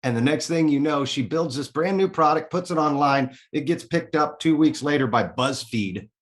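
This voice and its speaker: A man's voice: fairly high pitch, normal speed. Candid, earnest man telling his story. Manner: candid and earnest, swears casually. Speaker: podcast guest. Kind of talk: personal storytelling in an interview.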